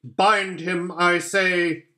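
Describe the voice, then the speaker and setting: A man reading a storybook, voicing a cold, commanding female witch queen with shrill, imperious orders. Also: flat delivery, drawn-out words, bright, forceful tone, full character voice. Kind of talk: audiobook character voice.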